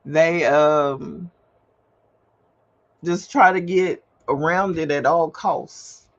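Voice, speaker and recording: Speaking very slowly in a low-pitched voice, a woman hosts a casual livestream as she prints paperwork at home. Her talk is candid and rambling, full of emphatic repetition. The stream sounds slightly dull, with a faint hum.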